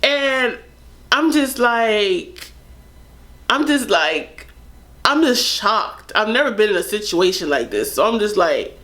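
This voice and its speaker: A woman's voice: medium pitch, a little slow. Chatty young woman telling a story. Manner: animated, candid, chatty with fillers. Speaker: vlogger. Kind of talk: casual storytime.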